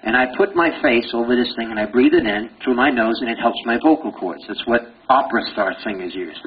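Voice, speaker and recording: An older man giving a lively pathology lecture, quizzing students with rapid questions and joking as he goes. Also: medium pitch. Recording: dull lo-fi lecture recording with faint hiss.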